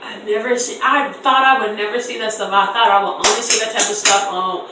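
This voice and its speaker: A young woman in her twenties telling a storytime on camera in an animated, slangy way, acting out voices in quotes. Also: medium pitch, brisk, background noise. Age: 20s. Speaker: vlogger. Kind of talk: casual storytime. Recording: echoey room, distant mic.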